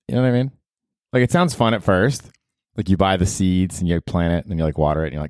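A man's voice: low-pitched, fast talker, a little mellow, no room sound. A man hosting his comedy podcast, rambling, swearing and poking fun at himself. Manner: profane, rambling, self-mocking. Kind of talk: casual comedy monologue.

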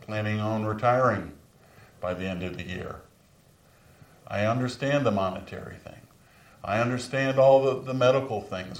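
A man in his sixties preaching a sermon as pastor, telling stories and lifting his voice for emphasis. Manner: storytelling preacher, rises in pitch for emphasis. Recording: echoey room, voice from far off.

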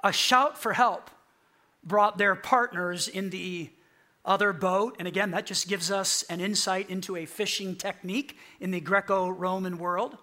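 Guy preaching a sermon, lively, high voice, kinda sarcastic when he quotes folks. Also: a little slow. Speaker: pastor.

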